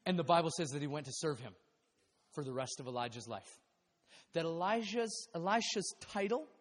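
A man preaching a sermon, animated and acting out the voices of the people in the story. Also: mid-range voice. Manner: animated, acts out biblical voices. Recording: long hall reverb.

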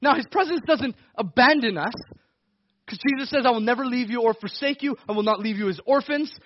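High-voiced man preaching with sudden shouts. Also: no echo, highs cut off. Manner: energetic preaching with bursts of shouting; conversational, with laughs and self-corrections. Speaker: pastor. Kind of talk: sermon.

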